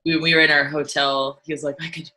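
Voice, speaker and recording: A woman musician chatting as an interview guest, telling stories in an animated way with frequent "like"s and restarts. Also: low-pitched, fast, rough recording. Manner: animated storytelling, lots of "like" and restarts. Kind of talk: casual interview chat.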